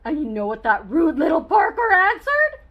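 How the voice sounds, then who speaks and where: A woman's voice: extremely high pitch, wildly swooping pitch, moderate pace, lo-fi sound, exaggerated voice. A woman reading as a chatty, wry wolf storyteller. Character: boastful male wolf telling his side. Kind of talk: children's book read-aloud.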